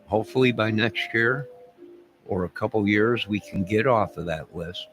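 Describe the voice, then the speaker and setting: A man's voice: fairly low pitch, normal speed, a bit bright, soft background music, poor audio. An older man hosting his own channel, talking in a loose, joking, rambling way and chuckling as he goes. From United States. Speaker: channel host. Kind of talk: casual rambling monologue.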